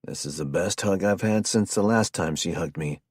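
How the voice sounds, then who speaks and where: A teasing, easygoing male survivor, voiced by a narrator. The voice is deep and husky, recorded close and dry. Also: normal speed, a little mellow, no echo.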